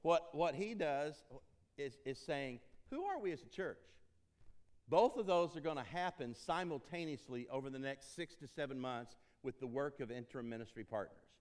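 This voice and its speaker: A man's voice: medium pitch, moderate pace, a little mellow. A man from Tennessee speaking in a church as an interim ministry consultant, folksy and joking, repeating phrases for emphasis. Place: church sanctuary.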